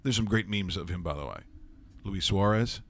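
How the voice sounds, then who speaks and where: A man hosting a sports talk show, telling stories in a rambling, animated way and laughing often. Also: low voice, moderate pace, gravelly. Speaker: host.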